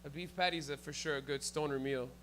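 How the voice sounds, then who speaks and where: A man's voice: fairly high pitch, fairly even intonation, fast, fairly bright tone, a little hiss or hum. A young man doing loose, profane stand-up in a club, riffing with the crowd and laughing at his own bits. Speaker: stand-up comedian. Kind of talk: live stand-up comedy. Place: comedy club with a live audience.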